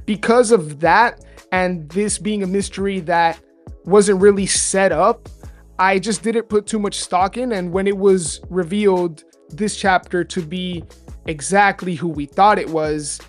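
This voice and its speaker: A man's voice: high-pitched, measured pace, faint music behind. A man co-hosting a podcast, talking in a casual, rambling way and correcting himself as he goes. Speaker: podcast co-host. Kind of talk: casual chat.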